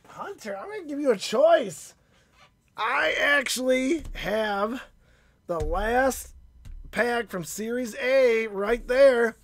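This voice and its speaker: A chatty, upbeat man hosting a live stream, greeting viewers by name in a fairly high voice that swings widely up and down. His voice is phlegmy and starting to give out, and the sound is close and dry. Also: lively intonation, slow, a bit bright, dry recording. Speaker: card-breaking stream host.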